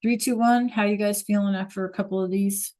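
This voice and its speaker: A woman's voice: medium pitch, steady tone, quick pace, a little mellow. A woman teaching a Spanish class over a video call, patient and checking in often with the students.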